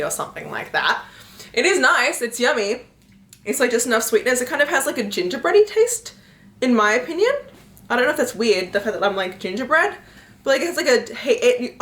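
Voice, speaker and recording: A woman's voice: on the high side, fairly bright tone. Chatty young woman vlogging, roomy sound. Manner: chatty, giggly, filler-heavy rambling. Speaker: book vlogger. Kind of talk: casual vlog chat. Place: home room and outdoors on a lunch break. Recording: echoey room.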